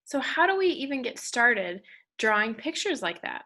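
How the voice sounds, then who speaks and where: A woman's voice: fairly high pitch, big pitch swings, normal speed, sharp tone. A woman teaching an art lesson to children, leading call-and-response chants with hand movements.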